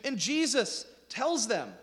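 A male pastor preaching to his congregation with a high, lively voice that leaps up and down as he acts out the lines. He jokes between points, and his words ring out with a long echo through the church hall. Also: slow. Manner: animated, joking asides, acts out quotes. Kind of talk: sermon. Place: church sanctuary. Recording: reverberant hall.

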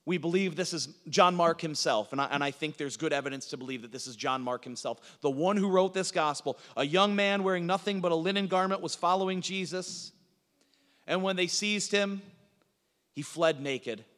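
A man preaching a sermon as a pastor, swinging from emphatic lines to low, hushed ones. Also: moderate pace, long reverb tail.

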